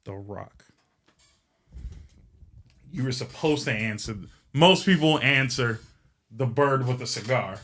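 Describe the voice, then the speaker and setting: Bright-voiced man rambling through a joke. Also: medium pitch, takes it slowly, pauses often. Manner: rambling, profane, joke-telling. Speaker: podcast host. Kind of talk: casual storytelling.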